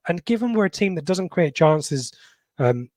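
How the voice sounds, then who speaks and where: A middle-aged man co-hosting a football podcast, reading out viewers' comments in a halting, casual way with many pauses and ums. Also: on the high side, very animated, darkish tone, dry recording. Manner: halting, lots of ums and restarts. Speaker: podcast co-host.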